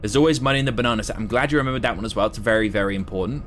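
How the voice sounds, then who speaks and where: A man's voice: fairly low pitch, racing, slight background noise. A man from Southwest England with an English accent that has American influences. He gives casual, chatty live gameplay commentary and swears freely. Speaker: streamer.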